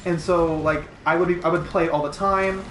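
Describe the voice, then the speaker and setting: A man's voice: on the high side, fairly even intonation, a bit bright, faint music behind. A young man who is a guest on a casual gaming podcast, speaking hesitantly with many ums and restarts while he plays. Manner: hesitant, halting speech full of ums while playing a game. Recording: echoey room.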